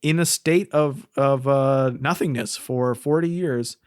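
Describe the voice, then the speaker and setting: A man's voice: mid-range voice, measured pace, clear, resonant tone, no room sound, clean studio sound. A man co-hosting a podcast, recapping with sardonic humor in casual chat. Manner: sardonic, acts out scenes in funny voices. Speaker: podcast co-host.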